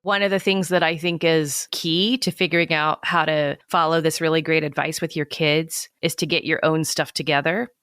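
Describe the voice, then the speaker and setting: A woman's voice: low voice, fairly even intonation, normal speed, few pauses, fairly bright tone. A woman co-hosting a podcast, asking thoughtful, reflective questions in casual conversation. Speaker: podcast co-host.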